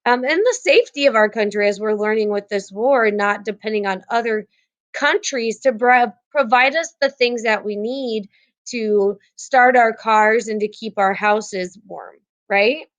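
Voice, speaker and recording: Woman, young adult, teacher, video call class, slightly high voice, chatty, filler words. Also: measured pace, muffled recording. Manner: chatty, filler-heavy, many restarts.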